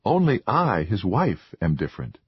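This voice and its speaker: A man voicing a meek, earnest young wife with a soft, pleading, formal way of speaking. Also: on the low side, wildly swooping pitch, normal speed, husky, dry recording, muffled recording, exaggerated voice.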